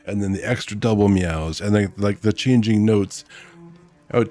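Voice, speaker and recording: Deep-voiced man reading a novel aloud. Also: normal speed, warm tone, soft background music. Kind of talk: casual read-aloud with chatty asides.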